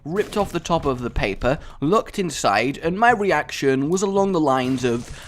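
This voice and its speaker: Young male let's-play host, pitched a little high, animated, rambling, prone to sudden excited outbursts. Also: moderate pace, slight background noise. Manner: chatty and rambling, bursts into excited shouts. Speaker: gaming channel host.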